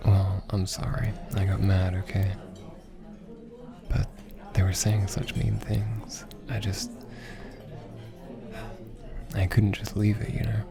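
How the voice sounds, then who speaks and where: A young man in a whispered role-play as a teasing, affectionate boyfriend teaching Japanese, talking softly with frequent laughs. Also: lowish voice, level tone, takes it slowly, gravelly, pauses often. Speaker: ASMR roleplay creator. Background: background music.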